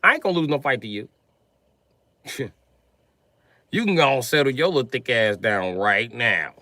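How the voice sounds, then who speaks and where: A man's voice: medium pitch, animated, normal speed, sharp tone, no room sound. A man doing a profane, mocking comedy rant on a live stream, often laughing as he talks.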